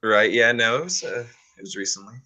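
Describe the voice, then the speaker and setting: A man talks loosely on a podcast, swearing freely and laughing often as he chats. His voice sits on the low side yet comes across bright and forceful. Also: animated, brisk. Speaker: podcast co-host. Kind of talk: casual chat about wrestling.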